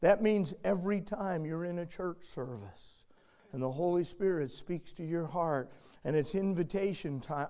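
An older man preaching a sermon as a pastor, telling a family story and swinging from emphatic loud lines to hushed ones. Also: sits high.

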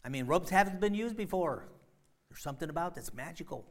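A man preaching a sermon, retelling a story in a loose, conversational way with many fillers and sudden loud, emphatic bursts. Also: fairly high pitch, animated, a little fast. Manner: frequent fillers and restarts, conversational.

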